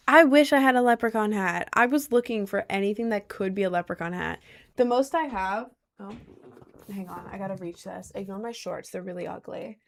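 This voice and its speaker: A woman's voice: medium pitch, gravelly. A young woman casually chatting on a livestream at home, answering chat in slangy, rambling talk. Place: indoors at home, seated in a chair.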